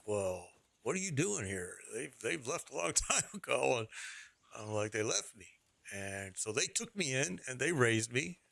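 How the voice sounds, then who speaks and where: A man's voice: medium pitch, creaky, a bit bright, dry recording. A middle-aged man streaming, telling a rambling personal story in casual talk, repeating phrases and laughing as he goes.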